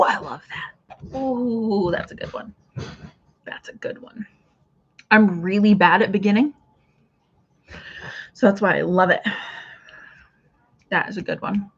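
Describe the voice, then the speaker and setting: A woman hosts a relaxed craft livestream in a middle-pitched voice. She rambles warmly through viewer comments, restarting her thoughts as she goes. The recording is muffled and lo-fi. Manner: chatty, reads out viewer comments, trails off and restarts. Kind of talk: casual livestream chat with viewers.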